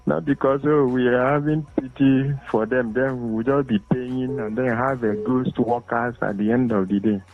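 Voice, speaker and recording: A man at a middle pitch works through his views slowly, filling pauses with hesitant "uh"s. He comes through a thin, tinny phone line. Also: flat delivery, faint music behind. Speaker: caller. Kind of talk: call-in radio commentary. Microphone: phone call into a radio studio.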